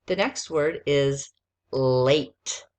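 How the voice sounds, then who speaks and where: A woman's voice: sits low, extremely slow, a little mellow. A woman teacher giving a spelling lesson to a child, patiently spelling words out letter by letter.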